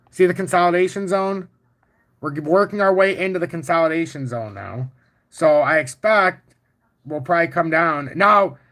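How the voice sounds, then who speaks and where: Male livestream host, slightly high voice, brash and boastful, casual and profane. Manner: boastful and confident; profane, animated storytelling. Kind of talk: casual livestream chart talk, answering chat.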